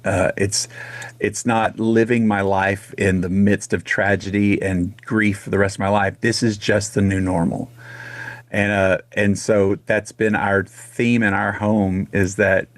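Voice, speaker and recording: A middle-aged man from Texas telling a personal story in a casual radio interview, animated and full of restarts. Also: lowish voice, unhurried, dry recording. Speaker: guest singer.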